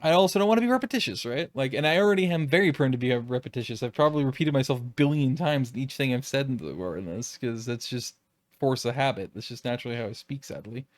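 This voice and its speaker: A man's voice: mid-range voice, fast, no room sound. Rambling, cursing man in a dry room. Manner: rambling, profane, exasperated. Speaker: YouTube creator. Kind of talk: unscripted reflective monologue.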